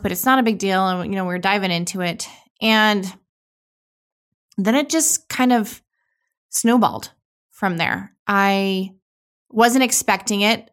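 A woman in her thirties hosting a podcast, talking candidly and emotionally in a raw, halting way with frequent restarts. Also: on the high side, a bit bright. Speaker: podcast host. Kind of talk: candid solo podcast monologue.

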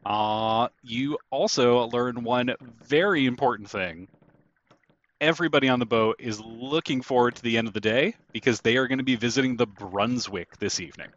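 A man narrating a tabletop game as game master, relaxed and hesitant, with many pauses. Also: mid-range voice, lo-fi sound.

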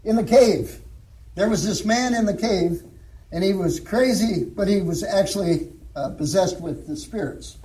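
An older man shares his church testimony in a folksy, storytelling manner, chuckling now and then. His voice sits high for a man and sounds very dark and mellow in tone. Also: a little slow, poor audio. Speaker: former alcohol counselor giving testimony.

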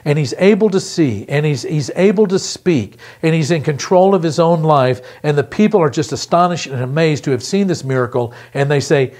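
A middle-aged man preaching a pre-recorded sermon, earnest and emphatic, slowing down to repeat key phrases. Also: on the high side, expressive, a little mellow. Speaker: pastor.

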